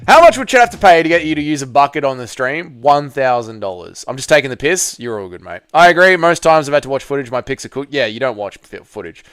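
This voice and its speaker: A man's voice: medium pitch, sing-song, quick pace, hardly any pauses, fairly bright tone, clear, resonant tone, dry recording, studio quality. A man hosting a live fight watch-along stream, bantering with his chat in a casual, profane way.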